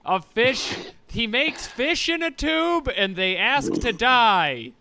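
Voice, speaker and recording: A man co-hosting a podcast in casual chat, tossing out quick wisecracks and absurd asides. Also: extremely high pitch, big pitch swings, creaky, bright, forceful tone, no room sound. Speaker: podcast co-host.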